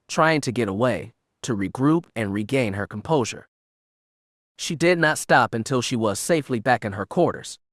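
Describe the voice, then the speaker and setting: Guy reading a sci-fi audiobook, steady measured delivery, dry close mic, mid pitch. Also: no echo. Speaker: audiobook narrator. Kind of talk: unabridged audiobook narration.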